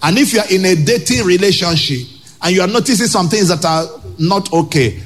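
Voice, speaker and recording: A male pastor with a Nigerian English accent preaching a sermon to a congregation, emphatic, with loud rhetorical questions and pidgin asides. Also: sits high, lively intonation, a little fast.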